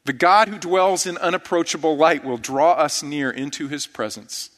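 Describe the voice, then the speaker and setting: A man's voice: fairly high pitch, moderate pace, hardly any pauses, fairly bright tone. A man preaching an earnest, reverent sermon as pastor. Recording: church sanctuary with long reverb.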